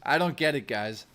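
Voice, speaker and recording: Hosting a livestream, a man with a slightly high, bright, forceful voice chats casually with viewers. He reads their messages aloud and jokes around, swearing a lot.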